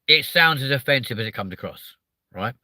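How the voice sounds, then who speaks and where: A man with a southern English accent hosts a live stream. He swears constantly and is openly hyper as he reacts to viewer comments. His voice is very bright and cutting, his pitch lively, and the sound is close and dry. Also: fairly quick, no room sound. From southern England. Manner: hyper, animated, swears a lot.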